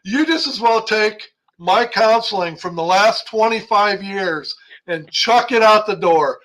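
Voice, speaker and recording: Bright-voiced ranting older man. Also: high voice, animated, measured pace, low-quality recording. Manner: ranting, heated. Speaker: podcast co-host. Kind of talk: casual sports talk.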